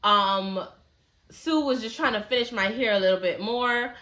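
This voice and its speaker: A woman's voice: a little high, moderate pace, pushed and bright. A woman telling a story in a casual, chatty way, full of slang and "like" fillers.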